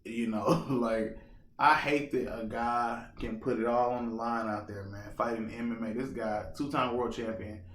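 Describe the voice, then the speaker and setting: A man hosting a casual solo podcast, talking in an animated, repetitive, slangy way and often checking in with the listener. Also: mid-range voice, normal speed, echoey room, a little hiss or hum. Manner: animated, repetitive, slangy, keeps asking "you know what I'm saying". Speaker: podcast host.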